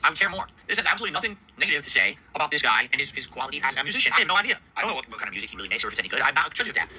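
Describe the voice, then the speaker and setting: A man's voice: medium pitch, sing-song, racing, pushed and bright, slightly rough, rough recording. A man streaming from his home setup, ranting angrily, swearing heavily and sounding exasperated. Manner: heavily profane, exasperated, rants. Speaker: video game streamer. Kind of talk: angry ranting commentary.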